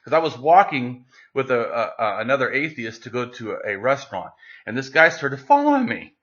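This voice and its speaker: A man, as an interview guest, telling a story in a casual, animated way, with many fillers and restarts. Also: mid-range voice, brisk. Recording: lo-fi, dull sound.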